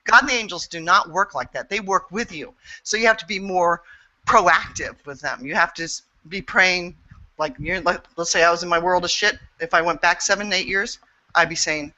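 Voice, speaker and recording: A woman's voice: lowish voice, normal speed, bright, forceful tone, lo-fi sound. A woman speaking as an interview guest and intuitive healer, frank and earnest, swearing freely as she talks. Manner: earnest and emphatic. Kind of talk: candid interview talk.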